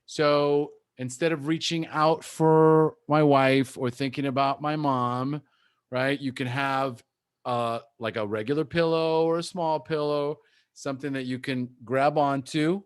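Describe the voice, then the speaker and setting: A man coaching a recovery group, talking gently and softly demonstrating soothing self-talk. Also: medium pitch, steady tone, unhurried, clear, resonant tone.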